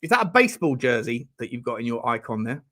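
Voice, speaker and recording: A man's voice: medium pitch, very animated, quick pace, a bit bright. A man hosting a casual live-stream chat, joking around and reading out viewer messages. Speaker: livestream host.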